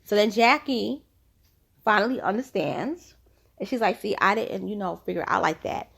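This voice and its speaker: A woman's voice: medium pitch, lively intonation, normal speed, creaky, fairly bright tone, breathy edge. A woman casually recapping a reality TV episode, retelling scenes through quoted lines and chatty personal asides.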